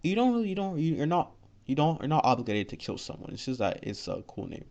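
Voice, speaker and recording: A man's voice: a little high, very animated, fast, creaky, darkish tone, pitched above the performer's own voice. A man voicing a young male assassin captain who talks in a hesitant, stuttering way. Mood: calm. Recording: lo-fi dull recording.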